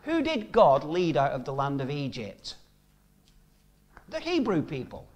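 A man's voice: on the high side, huge pitch swings, a little slow. A man preaching a sermon, reading scripture aloud and then explaining it in plain, casual speech, possibly.

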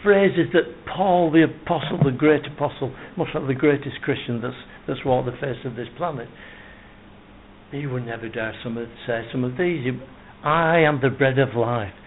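A man's voice: mid-range voice, moderate pace. A man preaching a sermon in an earnest, emphatic way, reciting scripture at length and building his points with repeated phrases. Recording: tinny phone-like sound with faint noise.

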